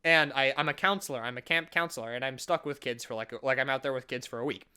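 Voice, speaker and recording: Bright-voiced young man telling a story. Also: mid-range voice, fast talker, smooth. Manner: animated, sarcastic, jokey with frequent self-interruptions. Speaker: vlogger. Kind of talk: storytime vlog.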